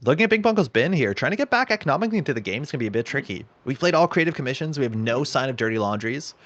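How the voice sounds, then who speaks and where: A man commentating a card game match at a quick clip, walking through options and card counts one after another. His pitch sits in an ordinary middle range, and he sounds focused and analytical. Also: big pitch swings, a bit bright, highs cut off. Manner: fast, analytical play-by-play.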